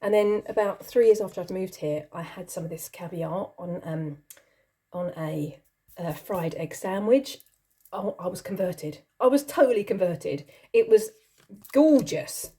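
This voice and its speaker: Chatty middle-aged woman, mellow voice. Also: lowish voice, unhurried. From not from the country she lives in. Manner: chatty, rambling, giggly, self-deprecating. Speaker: channel host. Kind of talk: casual chat answering a question tag.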